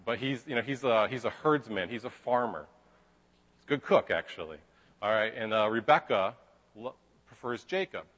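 A man's voice: fairly low pitch, lively intonation, moderate pace, fairly bright tone. A man preaching a sermon, retelling a story in a casual, chatty way with frequent asides. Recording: reverberant hall.

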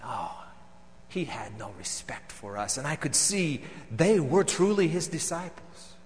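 A man performing a theatrical monologue as a bitter, vengeful temple council elder, moving between loud outbursts and hushed, seething lines. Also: fairly high pitch, big pitch swings, a little slow, big-room sound. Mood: indignant, vengeful.

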